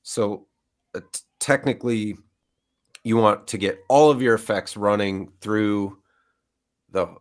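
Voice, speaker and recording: A man's voice: on the low side, unhurried, long pauses. A middle-aged man co-hosting a live stream, chatting casually with lots of fillers. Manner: rambling, filler-heavy. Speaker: co-host. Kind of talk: casual chat.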